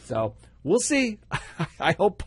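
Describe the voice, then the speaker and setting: A man's voice: high voice, huge pitch swings, slow, husky, no room sound. A man co-hosting a radio show, chatting casually and pragmatically, with a wry manner and frequent laughs. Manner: pragmatic, wry, laughs often, acts out quotes.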